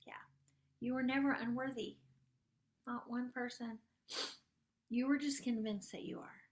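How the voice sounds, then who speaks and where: A woman with a fairly high voice leads a gentle spiritual coaching session that slides into guided meditation. She takes her time, stretching words out slowly. Her tone stays soft and tender, and it sometimes sinks to a hushed near-whisper. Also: steady tone. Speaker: host and spiritual life coach.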